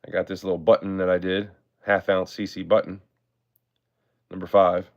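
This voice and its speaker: A man's voice: deep voice, little pitch movement, normal speed, lo-fi sound. A man hosting a live-stream auction, chatting in a laid-back way and thanking his viewers often.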